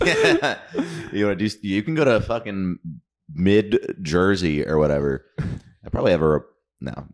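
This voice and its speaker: A man's voice: deep voice, wildly swooping pitch, moderate pace, creaky. A man, a comedian, guesting on a casual podcast, joking and laughing often as he talks.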